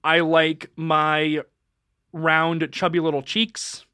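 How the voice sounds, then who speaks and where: A podcast co-host speaking in casual, candid conversation, in an unhurried personal way. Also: medium pitch, completely flat delivery, sharp tone, clean tone, no room sound, clean studio sound.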